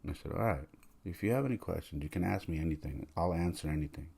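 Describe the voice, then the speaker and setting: A man in his thirties hosting a podcast, telling a personal story in a soft-spoken, rambling way with many restarts. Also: low-pitched, fast, creaky, slightly rough. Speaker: podcast host. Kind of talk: reflective personal monologue.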